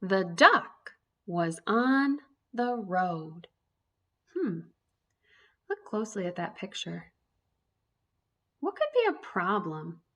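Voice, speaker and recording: A woman's voice: lowish voice, a bit bright, slightly rough. A woman teaching an early reading lesson to young children, sounding out letters one by one in an encouraging way.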